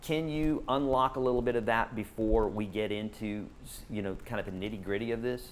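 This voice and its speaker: A man's voice: on the low side, steady tone, brisk, a little hiss or hum. A man hosting a live-stream interview, a guitar teacher who talks in an earnest, rambling way with many fillers.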